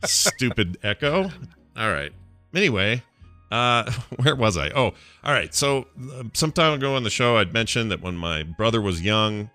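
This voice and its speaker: Podcast co-host, male, bright and animated, rambling comic storyteller, dry room. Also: on the low side, moderate pace, dry recording, faint music behind. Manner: jokey, rambling storyteller with lots of fillers. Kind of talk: casual chat.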